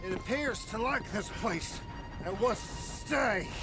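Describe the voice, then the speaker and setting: A man's voice: high voice, expressive, unhurried. An actor playing a rambling, self-pitying drunken old man with a slurred, wavering voice in a game with music behind. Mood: sly.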